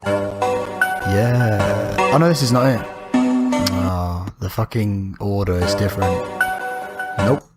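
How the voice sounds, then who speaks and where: A man's voice: lowish voice, measured pace, long pauses, loud music behind the voice. A young man, co-hosting a podcast in casual chat, brash and laughing at his own stories, heard over a remote call. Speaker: podcast co-host.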